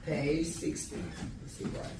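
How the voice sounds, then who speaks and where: A woman's voice: unhurried, loud music behind the voice. A woman teacher leading a classroom phonics lesson, calling out prompts and praise to her students. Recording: echoey, distant classroom with loud noise.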